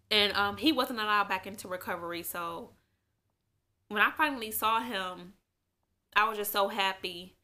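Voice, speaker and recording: A woman's voice: mid-range voice, moderate pace, bright, forceful tone. A young woman telling her own story in a casual sit-down vlog, rambling with many fillers and growing emotional at times. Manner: emotional, eyes welling up at times. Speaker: vlogger.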